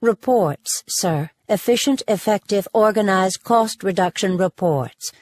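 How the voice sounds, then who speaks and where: Audiobook heroine: woman doing a husky, faintly Southern young woman, prim and tense, dry sound. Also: medium pitch, normal speed, dry recording, close to an everyday voice. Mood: prim, annoyed. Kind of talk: audiobook character voice.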